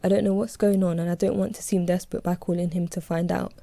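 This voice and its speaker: A woman reading her own novel aloud in a calm, steady first-person audiobook narration. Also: fairly low pitch, quick pace, vocal fry, no echo.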